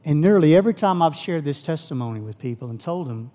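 Mellow-voiced preacher telling a testimony. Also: male voice, on the high side, lively intonation, fast. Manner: storytelling, acting out dialogue, softening into prayer. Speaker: pastor. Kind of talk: sermon testimony. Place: church service, also streamed online.

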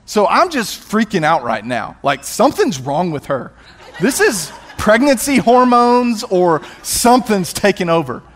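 A male youth pastor and worship leader telling a personal testimony in a sermon, animated and self-mocking, with quick restarts. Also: sits high.

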